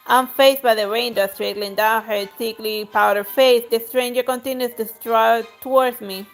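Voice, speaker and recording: A woman's voice: on the high side, fairly even intonation, normal speed, vocal fry, hardly any pauses, faint music behind. A woman streamer reading a story game aloud with narration and dry casual asides.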